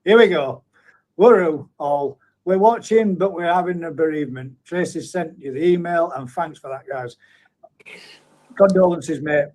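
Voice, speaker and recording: A man's voice: a little high, normal speed, darkish tone. A man hosting a live stream, chatting in a matey way and reading out viewer comments with frequent chuckles. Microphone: streaming setup at a computer.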